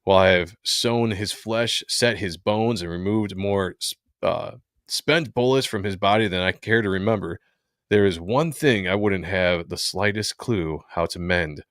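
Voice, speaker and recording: A man reading the lines of a formal elderly male butler from a comic, in a measured and proper way. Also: sits low, fairly bright tone, no room sound, clean studio sound. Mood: dignified.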